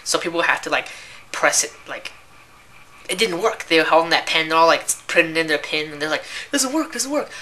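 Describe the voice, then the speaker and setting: Young woman venting bout customers, low voice, kinda bright edge, rambly w lots of likes. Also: steady tone, brisk, slight background noise. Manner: exasperated, rambling, heavy use of "like" and "right?". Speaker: retail cashier venting about customers. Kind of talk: casual ranting vlog.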